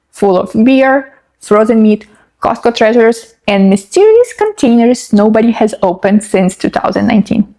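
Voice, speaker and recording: A woman delivers scripted comic narration with wry, exaggerated emphasis. Her voice sits a little high and stays light and amused. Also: darkish tone. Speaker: immigrant.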